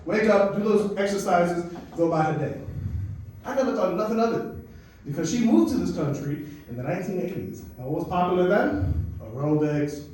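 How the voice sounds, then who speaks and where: A high-voiced man of Dominican heritage performs stand-up, spinning an animated, profane story and talking to the crowd. He sounds far from the mic, with the club's echo ringing around him. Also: normal speed, a little hiss or hum. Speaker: stand-up comedian. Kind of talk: stand-up comedy set. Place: comedy club stage. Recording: echoey club from a distance.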